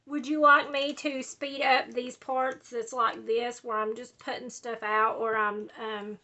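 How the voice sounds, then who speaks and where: A woman hosts a scrapbooking video, rambling casually while she works on a project at home, drawling and saying "y'all" and "like" a lot. Her voice is a little high, bright, and forceful, a little slow, with little pitch movement.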